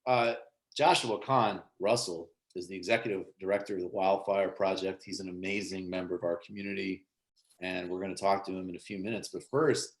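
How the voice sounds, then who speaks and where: A man's voice: low-pitched, steady tone, fairly quick, rough recording. A man hosting a casual remote talk show, joking and rambling with lots of fillers. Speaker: show host.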